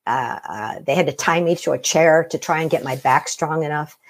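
A middle-aged woman telling her own story as an interview guest, animated, laughing often and acting out what others said. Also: deep voice, normal speed. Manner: animated, laughs often, acts out quoted voices. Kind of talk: personal story in conversation.

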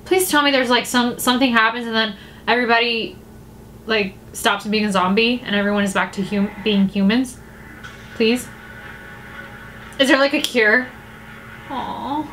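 A woman's voice: a little high, a little slow, a bit bright, a little hiss or hum, low-quality recording. Gasping, exclaiming woman reacting to a video. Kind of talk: music video reaction vlog. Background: music video playing.

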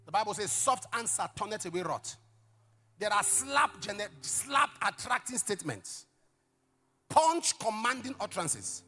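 A male pastor preaching a sermon, emphatic, with sudden shouted lines and questions thrown to the congregation. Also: high-pitched, very animated, a little slow, a little hiss or hum.

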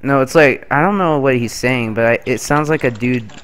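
A man's voice: mid-range voice, normal speed, a crowd in the background. A man playing a game with a friend, bursting into laughter and swearing, playing the father in a casual gaming chat. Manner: excitable, swearing, frequent laughter. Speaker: gamer playing a father character.

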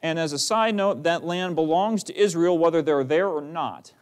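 Man, pastor, fervent sermon, high-pitched voice, reads scripture aloud. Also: normal speed, clean tone. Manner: fervent preaching, reads King James verses aloud. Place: church sanctuary.

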